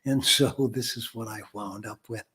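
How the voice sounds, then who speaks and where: A man's voice: mid-range voice, steady tone, moderate pace, a bit bright. An older man hosting his own show, chatting casually to the camera in a rambling, self-deprecating way with many fillers. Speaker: host. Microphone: camera mic.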